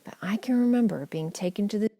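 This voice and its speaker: A woman narrating a family memoir audiobook in a measured, gently wry storytelling manner. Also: medium pitch, dry recording.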